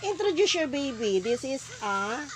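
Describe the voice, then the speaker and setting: High-voiced Filipino grandmother coaxing a toddler. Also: big pitch swings, moderate pace, a little hiss or hum, rough recording. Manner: coaxing, asks simple questions, switches between Tagalog and English. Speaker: grandmother playing with her grandchild. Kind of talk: casual home video, talking to a toddler. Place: at home.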